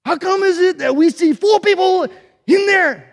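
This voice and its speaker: A man acting out a pompous raging king, shouting, high, long hall echo. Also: sing-song, slow pace, heavily acted. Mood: bellowing. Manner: bellowing, bossy, pompous. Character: boastful angry king, grown man, vain tyrant. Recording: echoey hall.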